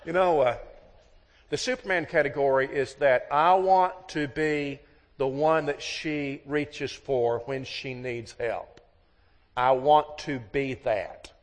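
A middle-aged man preaches a sermon on marriage, telling it folksy-style like a story and acting out both sides of each dialogue. His voice is medium-pitched and slow, and a long hall reverb hangs on the recording.

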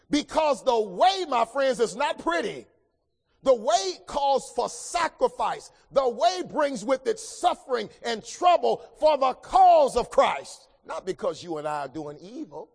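A man preaching a sermon, swinging between loud emphatic lines and hushed, low passages. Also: creaky, big-room sound.

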